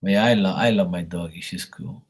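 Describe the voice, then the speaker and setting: On a late-night livestream, a man with a low voice speaking at normal speed reads paid questions and chats casually with his viewers, addressing them by name. He rambles and teases as he goes.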